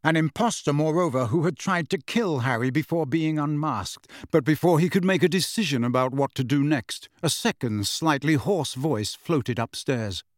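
A man narrating a storybook in a dramatic, expressive reading. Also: a little high, normal speed, hardly any pauses, dry recording, studio quality. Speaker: audiobook narrator.

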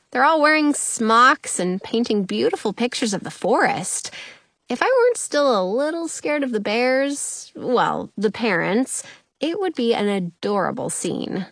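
A woman reading a children's story aloud in an expressive, deliberate way. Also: on the high side, no room sound, clean studio sound.

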